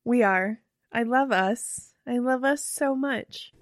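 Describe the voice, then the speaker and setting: A young woman co-hosting a casual podcast chat, curious and excitable, with casual swearing. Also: fairly high pitch, slow, no room sound, clean studio sound. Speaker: podcast co-host.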